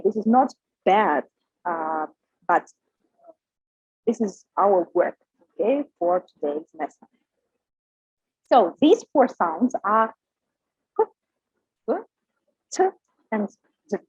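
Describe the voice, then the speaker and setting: Slow, halting woman teacher. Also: fairly high pitch, darkish tone, slightly rough, no echo. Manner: slow, halting, many "uh" fillers. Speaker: pronunciation teacher. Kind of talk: recorded micro lesson. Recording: dry, dull lo-fi sound.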